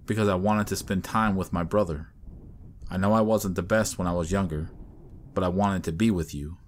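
A man with a low voice voicing a calm, kindly older brother on a hunting trip, easygoing and reassuring. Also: moderate pace, slight background noise, natural voice.

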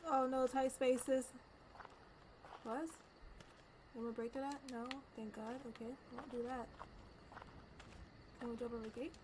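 A woman gamer talking her way through a horror game in casual, jumpy commentary, often exclaiming and repeating herself when nervous. Her voice sits a bit high. The recording carries noticeable background noise. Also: flat delivery, slow, long pauses. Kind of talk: casual let's-play commentary.

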